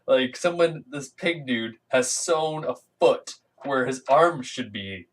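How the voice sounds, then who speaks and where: A man chats his way through a comic book recap, stumbling over words and filling gaps with "like" and "uh". His voice sits at an ordinary middle pitch and sounds a little distant, as if he is set back from the microphone. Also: slow. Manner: rambling, filler-heavy, acts out quotes in funny voices. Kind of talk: casual retelling of a comic issue.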